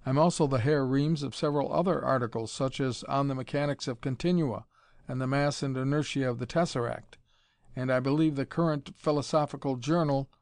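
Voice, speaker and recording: A man's voice: medium pitch, steady tone, a little fast, darkish tone, dry recording, clean studio sound, close to an everyday voice. A man voicing an irritable young male physicist in an audiobook, speaking curtly and with annoyance. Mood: irritated. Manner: curt, annoyed.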